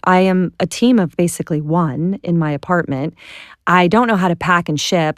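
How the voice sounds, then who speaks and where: Woman, middle-aged, animated storyteller, fairly low voice, dry close mic. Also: no echo. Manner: lively, laughing, acts out quoted people. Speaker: interview guest, entrepreneur.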